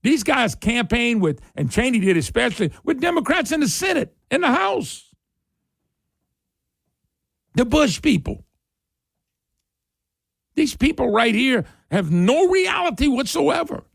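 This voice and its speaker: A man's voice: very high voice, sing-song, measured pace, creaky, pauses often, breathy edge, no room sound. A middle-aged man, hosting talk radio in an opinionated political monologue. He talks in a fiery, emphatic way, repeats his points and climbs sharply when worked up.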